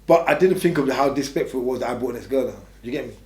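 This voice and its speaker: Fast-talking blunt man, roomy sound. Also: medium pitch. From England. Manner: blunt, rambling, restarts a lot. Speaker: interviewee. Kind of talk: candid storytelling. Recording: roomy echo.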